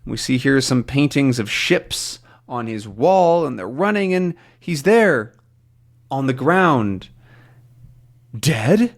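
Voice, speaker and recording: A man teaching English to learners, reading a comic aloud with slow, clear explanations. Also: medium pitch, expressive.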